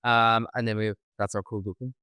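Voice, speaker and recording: A man's voice: on the low side, level tone, brisk, heavy background noise. Sarcastic man recapping a show. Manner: sarcastic, jokey recapping, puts on silly voices. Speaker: podcast co-host. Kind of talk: casual reaction chat. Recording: no studio mic, recorded together in a room.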